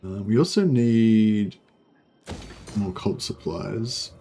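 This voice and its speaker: A man's voice: lowish voice, lively intonation, slow, warm tone, faint music behind. A young Australian man giving rambling, laid-back commentary while streaming a strategy game, full of fillers. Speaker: gaming streamer. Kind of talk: casual livestream commentary.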